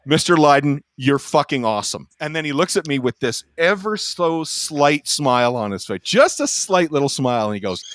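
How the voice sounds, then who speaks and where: A man's voice: on the high side, moderate pace, few pauses, no echo. A man on a roundtable panel telling a casual anecdote, acting out the lines of the people in it and swearing freely. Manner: animated storytelling, acting out quotes, swearing freely.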